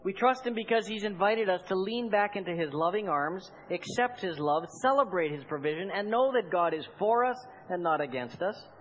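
High-voiced man preaching a fervent sermon. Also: animated, moderate pace, hardly any pauses, highs cut off. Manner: building to fervent, emphatic repetition; calls on the congregation to respond. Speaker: pastor.

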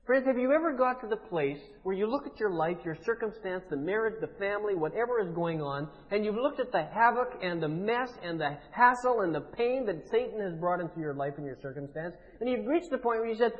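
Male pastor, high voice, emphatic sermon delivery, muffled recording with long hall reverb. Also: expressive, a little fast. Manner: emphatic preaching, rising to forceful declarations.

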